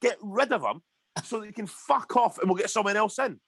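A man's voice: high voice, expressive, a little fast, a bit bright, husky, dry recording. A Scottish man ranting heatedly in a casual podcast chat, swearing often. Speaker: podcast co-host.

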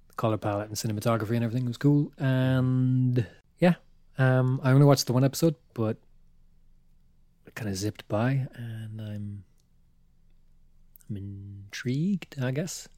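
A man's voice: mid-range voice, moderate pace, pauses often, warm tone, no room sound. A man co-hosting a casual podcast chat, hesitant and trailing off, with dry humor. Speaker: podcast co-host.

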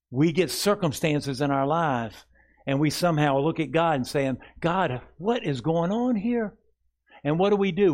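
A male pastor preaching to his congregation in a somewhat high voice. He presses his points with rhetorical questions and earnest appeals. At times he eases into a soft, tender tone. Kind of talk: sermon. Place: church sanctuary before a congregation.

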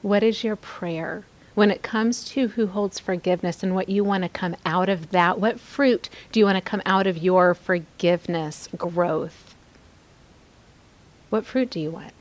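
A woman's voice: lowish voice, measured pace. Earnest woman exhorting with repeated phrases. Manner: candid, confiding asides. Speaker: podcast host teaching scripture. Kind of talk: devotional teaching.

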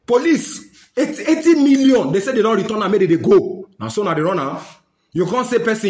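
A man's voice: sits high, expressive, brisk, darkish tone, roomy sound. A man with a Nigerian accent giving a fiery, scolding rant to camera, slipping into Pidgin. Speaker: social commentator.

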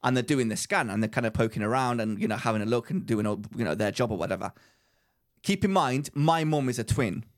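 A young man co-hosting a podcast, an excitable storyteller who laughs often while chatting casually. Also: medium pitch, fast. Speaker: podcast co-host. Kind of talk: casual chat.

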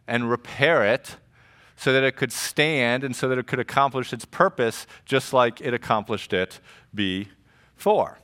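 A middle-aged man preaching a sermon to his congregation in an animated, joking, conversational way. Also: fairly high pitch. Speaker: pastor. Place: church service before a congregation.

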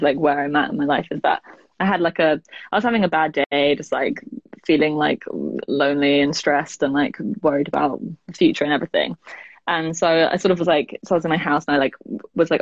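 A woman's voice: sits low, fairly even intonation, a little fast, slightly rough, no echo, highs cut off. A woman, chatting as an interview guest. She fills her talk with "like" and laughs often. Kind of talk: casual interview chat.

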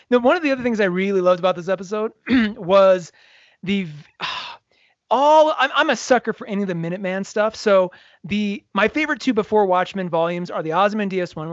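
High-voiced man in casual chat. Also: no echo, muffled recording. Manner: animated, acts out scenes in quoted voices. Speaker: podcast co-host.

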